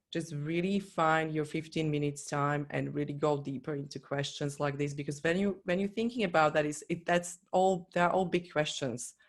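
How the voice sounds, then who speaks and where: A coach giving an earnest, encouraging motivational talk in non-native English, speaking straight to the listener. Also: medium pitch. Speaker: business and life coach.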